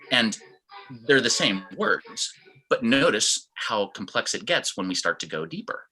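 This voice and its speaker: A man's voice: lowish voice, very animated, measured pace, bright, forceful tone, rough recording. A man teaching a fitness class over video, explaining step by step and acting out different tones of voice as examples. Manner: demonstrative, acts out tones of voice. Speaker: fitness instructor.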